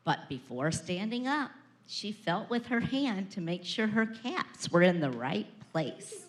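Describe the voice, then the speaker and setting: A preschool teacher, a woman, reading a picture book aloud to children with expressive storytelling and dramatic pauses. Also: mid-range voice. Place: preschool classroom. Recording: echoey classroom.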